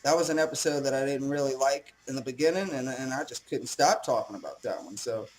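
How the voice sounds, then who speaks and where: A man's voice: medium pitch, brisk, rough recording. Rambling young man, casual commentary. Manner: rambling, self-deprecating, swears casually. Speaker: host.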